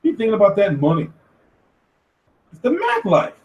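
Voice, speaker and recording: Animated, profane man ranting in an echoey room. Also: sits high, moderate pace, highs cut off. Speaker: host. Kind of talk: casual boxing commentary. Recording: echoey room, far from mic.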